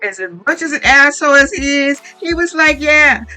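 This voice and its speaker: A reality TV recap commentator giving a blunt, profane, animated monologue that acts out quoted lines. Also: sits high, brisk, soft background music.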